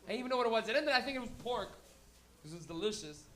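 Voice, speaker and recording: A brash man hosting a stand-up show, with a high, bright, ringing voice. He swears freely and jumps into quick character voices. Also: expressive. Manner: brash, profane, acts out characters. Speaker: comedy show host. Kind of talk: stand-up comedy. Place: comedy club stage.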